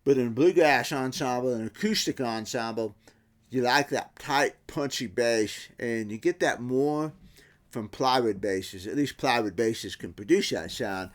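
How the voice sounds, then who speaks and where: A middle-aged man talks through guitar tap tones in a relaxed workshop manner. He imitates the sounds with his own voice and often backs up to restart a sentence. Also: medium pitch, measured pace. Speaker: guitar builder. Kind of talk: casual workshop explanation.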